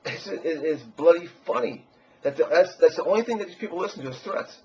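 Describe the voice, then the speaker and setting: Husky-voiced man rambling in lo-fi. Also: fairly high pitch, animated, a little fast, darkish tone. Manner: crude, boastful and meandering. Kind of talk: rambling personal monologue.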